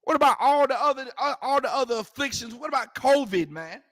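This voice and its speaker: High-voiced emphatic man preaching. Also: lively intonation, a little fast, a bit bright, dry recording, clean studio sound. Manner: emphatic, repetitive, street slang, rhetorical questions. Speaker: scripture class teacher. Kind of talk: preaching scripture commentary.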